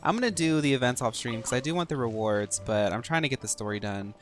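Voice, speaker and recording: A man's voice: medium pitch, expressive, quick pace, faint music behind. A young man chatting casually and joking while streaming a game. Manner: chatty, joking, self-mocking. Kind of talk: casual gameplay commentary.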